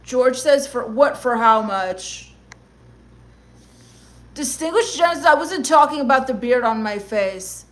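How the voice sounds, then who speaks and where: A woman with a high voice reads chat messages on a comedy livestream. She answers them with sarcastic, gloomy, mock-goth rants. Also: animated, unhurried, pauses often.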